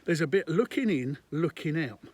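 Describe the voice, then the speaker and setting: A man's voice: a little high, animated, moderate pace, darkish tone. A man, a business consultant, giving conversational and emphatic business advice to camera, repeating his points.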